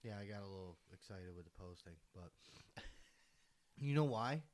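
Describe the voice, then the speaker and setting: A man co-hosting a casual hunting podcast, excitable and quick to laugh, swearing freely and a little tired. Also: lowish voice, a little hiss or hum. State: tired, yawning. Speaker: podcast co-host. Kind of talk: casual chat.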